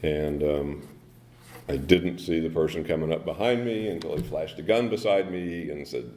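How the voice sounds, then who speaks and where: A man giving a personal recovery story at a speaker meeting, halting, with many ums and restarts. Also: extremely low pitch, a little mellow, slight background noise. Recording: echoey meeting room.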